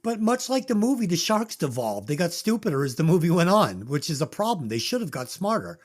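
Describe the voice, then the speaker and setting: A podcast host ranting through a comedic movie review, swearing a lot, going from loud to low. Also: fairly quick. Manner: animated, swings between loud and low.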